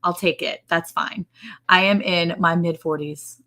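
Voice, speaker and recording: A chatty woman in her forties with a twang and a slightly low voice. She laughs easily and talks in a loose live-stream style. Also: steady tone, a little slow, pushed and bright. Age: 40s. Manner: giggly, chatty, greets viewers by name. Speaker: ranch livestream co-host. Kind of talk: casual live-stream chat.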